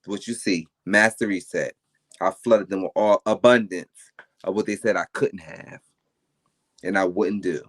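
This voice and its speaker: A man with a New Jersey accent, a podcast guest telling stories in casual chat, emphatic and animated, swearing freely. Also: low-pitched, a little slow.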